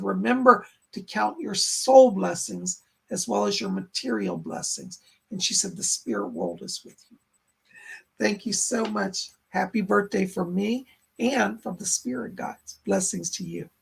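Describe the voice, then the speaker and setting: A man giving live-stream psychic readings, relaying what spirit guides say with a steady run of "he said" and "she said," and thanking viewers between readings. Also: high voice, creaky, slightly rough. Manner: thanks viewers warmly and reads their chat aloud. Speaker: psychic medium.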